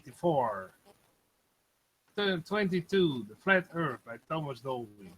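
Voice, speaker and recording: A man in a casual online hangout chat, talking haltingly with many fillers. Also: fairly high pitch, very animated, husky, low-quality recording. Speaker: hangout participant.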